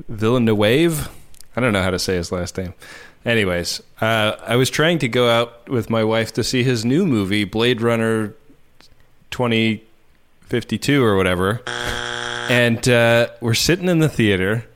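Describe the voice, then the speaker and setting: Male co-host, lowish voice, loose chatty storyteller, filler-heavy. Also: fairly bright tone, clear, resonant tone. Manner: rambling storyteller, many fillers and laughs. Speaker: podcast co-host. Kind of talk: casual chat.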